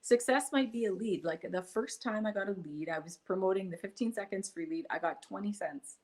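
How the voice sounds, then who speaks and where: Enthusiastic woman telling animated stories. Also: mid-range voice, a little fast. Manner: enthusiastic, animated storytelling with acted-out quotes. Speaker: guest, online business builder. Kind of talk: casual interview chat.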